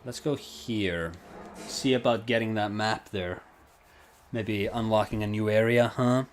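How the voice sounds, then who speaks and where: A man's voice: lowish voice, a little slow, slight background noise. A man streaming a video game, rambling casually to chat, swearing and laughing at himself as he plays. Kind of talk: casual gameplay commentary.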